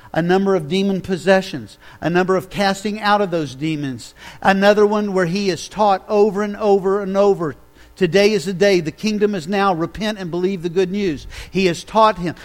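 A male pastor preaching a sermon in a high-pitched voice. He tells the story with animated energy and keeps throwing rhetorical questions to the congregation.

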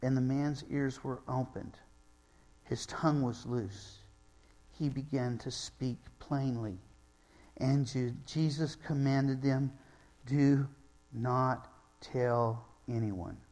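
A man preaching a sermon, retelling scripture in a storytelling way, acting out sighs and quotes and slowing down for emphasis. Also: mid-range voice, fairly even intonation, mellow. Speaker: pastor.

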